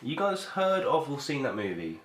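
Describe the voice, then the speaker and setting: A man's voice: medium pitch, very animated, moderate pace, a bit bright. A young man from the UK rambles through a casual film chat, hesitating and restarting often. His voice sits in a middle register. The room around him is echoey and roomy. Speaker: podcast co-host. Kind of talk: casual chat about films.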